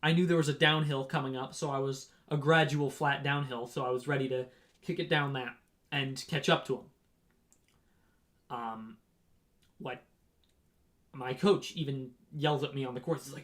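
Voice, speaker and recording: A man's voice: medium pitch, fairly even intonation, moderate pace, long pauses, a bit bright. A young man casually telling a rambling story about a race, with frequent "right?" and "um" asides. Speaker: runner on a race team.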